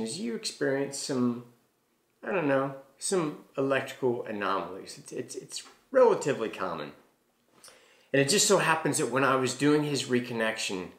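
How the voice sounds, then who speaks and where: A man's voice: medium pitch, fairly bright tone. A middle-aged man telling a story casually to camera, rambling with many fillers and restarts. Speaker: healing practitioner. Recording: echoey room.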